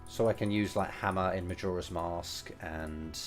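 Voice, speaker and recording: A man's voice: low-pitched, steady tone, moderate pace, faint music behind. A British man giving casual, opinionated commentary while streaming a game. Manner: chatty, opinionated, rambling asides.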